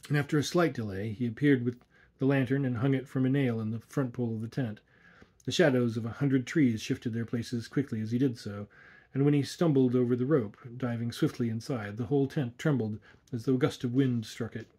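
Mellow, husky male storyteller. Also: mid-range voice, fairly even intonation. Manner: measured, atmospheric storytelling. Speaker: audiobook narrator. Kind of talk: scripted narration.

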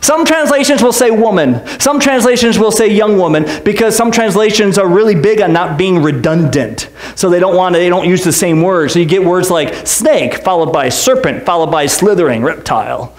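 A male pastor preaching in an echoey church, his voice high and swinging widely up and down. He jokes and slips in sarcastic asides as he works through the text. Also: normal speed, few pauses. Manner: animated, joking, sarcastic asides. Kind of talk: sermon.

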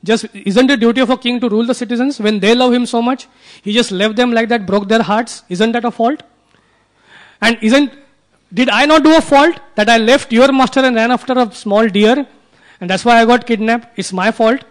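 A gentle, forgiving queen speaks in an earnest, tender, pleading way, put on by a preacher in a high voice. The voice sits high. It comes across as a storyteller's retelling inside a sermon. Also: steady tone, normal speed. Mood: gently reproving. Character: gentle forgiving young female queen, mother figure.

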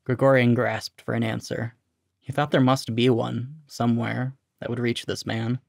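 A man narrates a short story aloud at a measured, steady pace. His voice has a gravelly texture, and the recording is dry and close. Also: medium pitch, no echo. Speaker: reader.

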